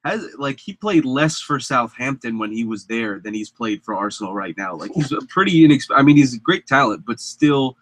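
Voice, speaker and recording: A young man co-hosting a casual sports radio chat, measured and analytical, often dropping his voice. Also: medium pitch, expressive, a bit bright, dry recording. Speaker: co-host. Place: radio studio.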